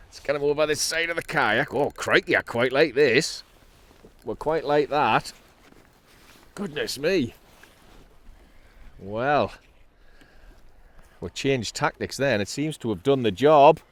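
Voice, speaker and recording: A man's voice: medium pitch, slow pace, long pauses, no echo. Man, geordie accent, middle-aged, casual outdoor commentary, upbeat, out at sea. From North East England. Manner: cheerful, chatty, breaks into laughs and exclamations. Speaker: kayak angler and channel host.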